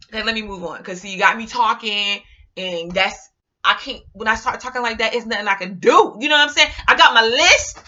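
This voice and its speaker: A woman vlogger talking casually to her viewers in an animated, rambling, slangy way. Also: fairly high pitch, a little fast, dull audio. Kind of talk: casual monologue to camera.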